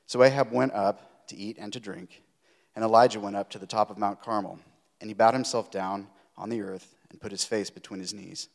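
A man with a fairly low voice reads scripture aloud in a church sanctuary. He reads expressively, lifting his voice for the quoted lines. The sound carries a long, hall-like reverb. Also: steady tone, fairly quick, creaky. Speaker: scripture reader.

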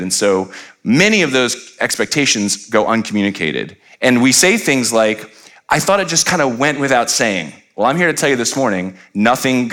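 A pastor in his late thirties preaches to his congregation, mixing comic family stories with his message. His voice sits at an ordinary middle pitch, and he often tosses jokes and asides to the room. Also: a bit bright. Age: 30s. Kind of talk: humorous sermon. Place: church sanctuary.

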